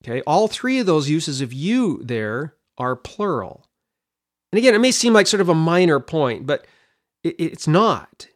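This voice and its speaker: Lively man teaching a Bible passage. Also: a little high, a little slow. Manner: animated, explanatory, repeats words while thinking.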